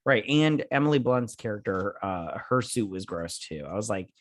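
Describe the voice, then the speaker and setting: A man's voice: fairly low pitch, lively intonation, normal speed. A man co-hosting a casual, tipsy movie review podcast, rambling and swearing with lots of fillers as he drinks. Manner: rambling, profane, filler-heavy. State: drinking while talking. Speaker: podcast co-host.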